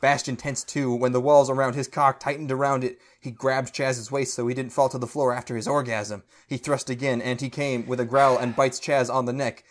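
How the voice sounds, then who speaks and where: Man, podcast co-host, comedic fanfic reading, mid-range voice, stumbling, stifled laughter. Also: mid-range voice. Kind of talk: comedic dramatic reading of fan fiction.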